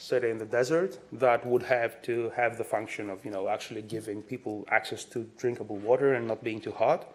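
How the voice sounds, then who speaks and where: A man's voice: medium pitch, darkish tone. A man giving a conference talk, speaking with enthusiasm and leaning often on "you know".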